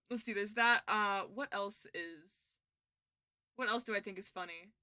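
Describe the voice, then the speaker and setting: A young woman on a livestream chats casually, rambling along with frequent giggles and restarts as she interrupts herself. Her voice is medium in pitch, measured in pace, and pushed and bright.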